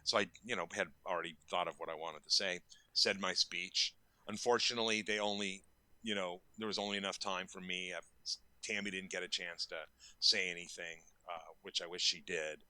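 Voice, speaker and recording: A man's voice: low-pitched, fairly even intonation, fairly quick, bright, forceful tone, no room sound. A man in his fifties, a makeup effects artist, telling stories casually in an interview and acting out quoted lines with bursts of energy.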